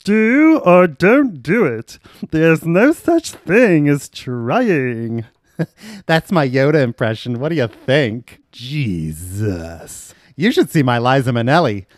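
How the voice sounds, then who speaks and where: A campy convict, played by a man, theatrical and pleading, his pitch leaping around. The sound is dry and close. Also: very animated, slow, dry recording.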